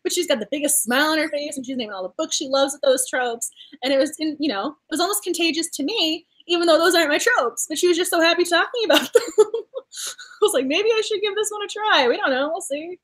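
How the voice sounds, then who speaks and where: A young woman hosts a casual book club discussion with a very high voice. She talks at a rapid clip, gushing effusively and laughing often between thoughts. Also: fairly bright tone. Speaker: booktuber host.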